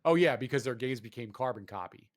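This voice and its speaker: Male host, mid-pitched, ranting loosely about games, cursing freely. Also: fast talker. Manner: animated ranting, swearing, lots of fillers. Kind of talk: casual chat.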